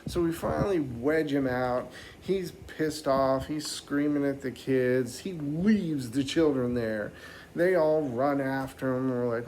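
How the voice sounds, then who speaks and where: A male stand-up comedian spins a long, animated story. He rambles with plenty of fillers and drops into mock voices for the people in it. A faint ambient hum sits under his mid-pitched voice. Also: measured pace, poor audio.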